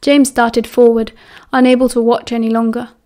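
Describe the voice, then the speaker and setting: A woman reads a novel aloud as an audiobook narrator. Her voice is pitched somewhat high for a woman. The reading is steady and even. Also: moderate pace. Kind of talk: reading fan fiction aloud.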